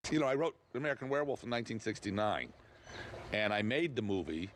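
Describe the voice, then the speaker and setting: A wry film director who chuckles through his documentary interview, his voice fairly low. Faint ambient noise sits behind him. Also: lively intonation, fast. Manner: wry, laughing.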